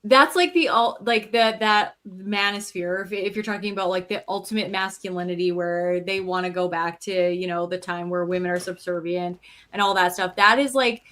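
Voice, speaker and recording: A woman's voice: lowish voice, normal speed, a bit bright. A woman in casual chat, giving frank opinions and thinking aloud with hedges.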